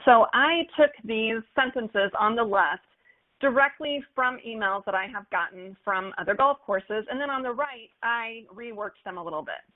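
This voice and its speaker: A woman with a fairly high voice teaches in an upbeat, animated way. She acts out playful examples as she explains. The sound is thin and narrow, like it came down a phone line. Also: normal speed. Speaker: marketing instructor for golf courses. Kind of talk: webinar lesson on copywriting.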